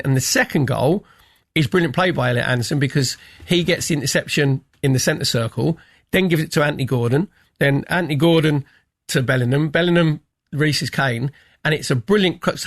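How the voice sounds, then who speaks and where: A man's voice: on the high side, a little fast, no room sound. A man talking football on a radio panel in a studio, chatty and enthusiastic as he breaks down plays. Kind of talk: animated football analysis.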